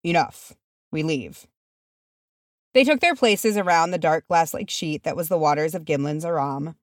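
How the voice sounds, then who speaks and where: A woman reading a fan fiction chapter aloud as narrator, measured and steady. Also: deep voice, no room sound, clean studio sound. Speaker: audiobook reader.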